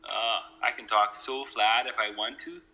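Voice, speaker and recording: Speaking with a Canadian accent and a hint of Southern drawl, this male podcast co-host jokes around with his friends in casual conversation, frequently restarting his sentences. His voice is on the low side, fairly even, moderately paced, bright and forceful, captured on a rough recording.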